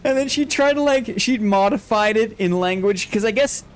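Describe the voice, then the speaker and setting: Male streamer, high voice, rambling casual chat, laughs a lot. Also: moderate pace. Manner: rambling, self-interrupting, laughs often. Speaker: streamer host. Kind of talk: casual chat while gaming, reading chat.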